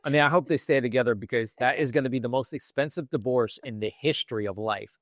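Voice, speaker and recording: A man hosts an interview, relaxed and affirming, nodding along with short "right, right" replies between questions. His voice has a middle pitch and sounds dry and close to the mic. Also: fast, no room sound. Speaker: interview host, magazine founder.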